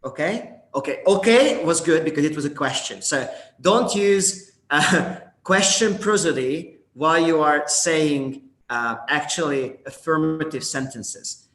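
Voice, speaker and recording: A man's voice: fairly high pitch, measured pace, a bit bright. Male co-instructor, conversational explainer; roomy echo. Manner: conversational, explanatory, frequent fillers. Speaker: workshop instructor. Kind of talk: online workshop teaching. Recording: echoey room.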